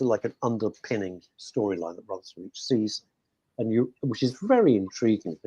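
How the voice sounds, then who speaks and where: A man hosting a radio chat show, talking in a chatty, animated way that sometimes drops to a hushed aside. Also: lowish voice, breathy edge, dry recording. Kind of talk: casual chat.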